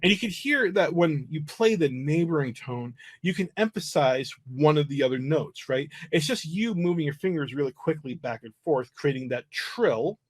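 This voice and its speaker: A man with a fairly high voice teaching flute on a livestream. He explains in a loose, easygoing way, stopping to restart his sentences and filling gaps with ums and uhs. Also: moderate pace, hardly any pauses. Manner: relaxed explaining, many fillers and restarts. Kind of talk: livestream music lesson.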